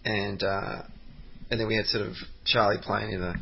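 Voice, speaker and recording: A man's voice: lowish voice, normal speed, vocal fry, husky. A man co-hosting a football podcast, rambling casually with plenty of ums and hesitations. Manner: rambling, hesitant, many ums, animated when telling stories. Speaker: podcast co-host. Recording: dull lo-fi podcast audio.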